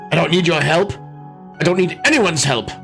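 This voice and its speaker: A man's voice: a little high, expressive, normal speed, vocal fry, a bit bright, faint music behind, voice pushed up. A man voicing a vengeful old male sage in a game read-through, curt and harsh. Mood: bitter.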